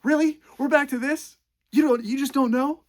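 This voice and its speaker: A man mocking a clingy, melodramatic young man who pleads loudly and whines in exasperation. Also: sits high, fast talker, vocal fry, voice pushed up. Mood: exasperated. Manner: whiny, exasperated, loud pleading.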